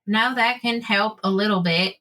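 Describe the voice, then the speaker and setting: A woman's voice: medium pitch, moderate pace. A woman playing in a tabletop game, talking through her character's plans with joking asides. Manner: animated, joking. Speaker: player.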